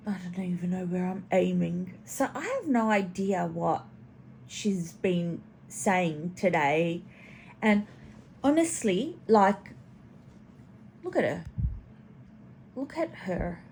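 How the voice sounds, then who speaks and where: A woman's voice: mid-range voice, creaky, slight background noise. A woman hosting a casual reaction commentary, chatty and snarky, swearing now and then. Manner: chatty, snarky, swears, talks to her pet in baby talk. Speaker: commentary channel host.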